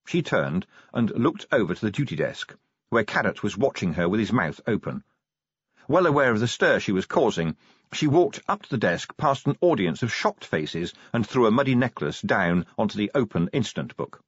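A man reading a novel aloud as an audiobook narrator, in a wry, measured storytelling manner. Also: lowish voice, very animated, breathy edge, no echo, dull audio. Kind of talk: scripted narration.

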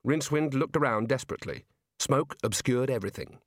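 Dry, measured male storyteller. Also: medium pitch, animated, no room sound. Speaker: audiobook narrator. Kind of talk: scripted narration.

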